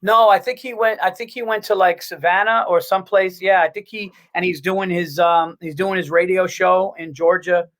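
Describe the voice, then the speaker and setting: A man, a guest comedian, telling profane, animated stories in casual podcast chat, full of quick restarts. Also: sits high, poor audio.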